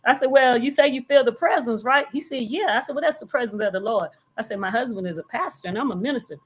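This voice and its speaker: A woman's voice: a little high, fast talker, breathy edge. A woman, a minister, telling a story in an earnest, detailed way during a casual live church discussion. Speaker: minister and co-host.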